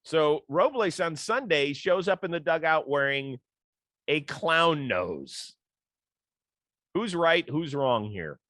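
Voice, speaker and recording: A man's voice: fairly high pitch, big pitch swings, slow, a bit bright, no room sound. A man hosting a casual sports talk show, chatting easily and telling stories from his early career as a reporter. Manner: conversational, storytelling, laughs easily. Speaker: podcast host.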